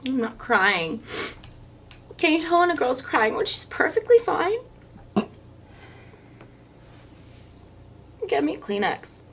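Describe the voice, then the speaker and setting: A woman's voice: on the high side, expressive, a little fast, a bit bright, slight background noise, low-quality recording. A young woman playing a petulant, accusing girlfriend. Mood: defensive. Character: moody, defensive young woman picking a fight. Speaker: acting student. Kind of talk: stage scene acting. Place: classroom stage.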